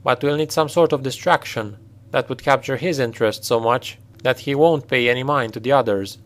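A man reading a storybook voices a blunt, practical male mercenary captain who talks in a forceful, direct way. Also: medium pitch, fairly quick, close to an everyday voice. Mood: commanding.

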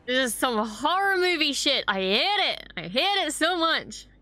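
A woman's voice: high voice, sing-song, measured pace, bright, forceful tone. A young woman hosting a reaction video, chatting casually and expressively, swearing often and gushing over what she watches.

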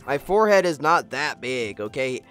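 A man's voice: mid-range voice, very animated, normal speed, a bit bright, soft background music. A man hosting a casual gaming livestream, joking around and thanking viewers while he plays. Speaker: livestream host. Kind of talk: casual gaming stream chat.

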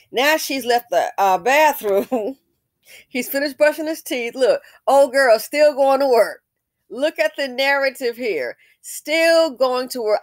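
A woman's voice: a little high, no room sound, studio quality. A woman host giving casual commentary on a commercial, emphatic and repeating her points with rhetorical questions.

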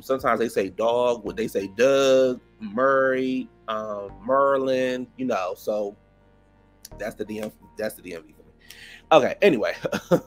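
A man with a Washington DC area accent recapping a reality show in a casual, gossipy way. He laughs often and swings his pitch up high when he acts out the cast. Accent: DMV (Washington DC area). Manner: animated and gossipy, laughing often, big jumps in pitch when acting out others. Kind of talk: casual chatty episode review.

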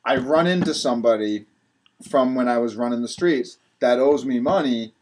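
A man's voice: mid-range voice, moderate pace, slight background noise. A man from Rhode Island, a podcast guest, telling his story candidly and animatedly, acting out what others said. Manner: animated, acts out other people's lines.

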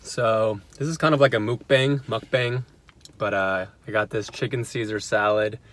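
Young man, low voice, casual phone vlog; relaxed, rambling, filler-heavy delivery. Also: normal speed. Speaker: physician assistant student vlogger. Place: car and home. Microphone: phone held at arm's length.

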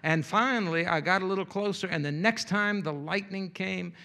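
Folksy preacher telling a tale. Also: male voice, sits high, normal speed, sharp tone. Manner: folksy, humorous storytelling with playful asides. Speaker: pastor. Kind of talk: storytelling sermon.

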